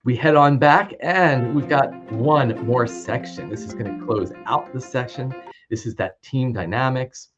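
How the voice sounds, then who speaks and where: A man's voice: mid-range voice, unhurried, music in the background. Casual male trainer on a lo-fi mic. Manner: conversational, informal. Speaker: trainer demoing his video series. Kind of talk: casual product walkthrough. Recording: dull lo-fi with clear background noise.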